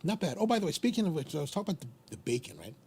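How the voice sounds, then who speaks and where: Racing along in a fairly high, creaky voice, a livestream host from Maryland, USA talks casually, circling back to the same phrases. There's a little hiss or hum in the audio, and his manner is rambling, chatty, and lively.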